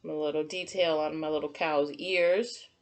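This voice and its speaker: A woman teacher giving a gentle, encouraging drawing lesson to young children and talking through each step as she draws. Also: deep voice, steady tone, moderate pace. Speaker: kindergarten teacher.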